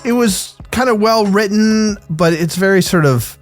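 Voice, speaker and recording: A man's voice: sits high, unhurried, soft background music. A man co-hosting a podcast in casual chat, musing and hedging as he talks. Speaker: podcast co-host.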